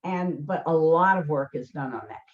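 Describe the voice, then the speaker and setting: A woman's voice: sits low, moderate pace. Emphatic older woman explaining, lo-fi sound. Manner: emphatic, acts out quoted voices, frequent fillers and restarts. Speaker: learning specialist host. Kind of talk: explanatory conversation. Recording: dull lo-fi sound.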